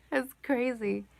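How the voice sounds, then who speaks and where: A woman with a high-pitched, fairly bright voice marked by vocal fry hosts a casual live Q&A from her home. She rambles as she answers chat questions, filling her speech with "like" and "you know" and giggling often.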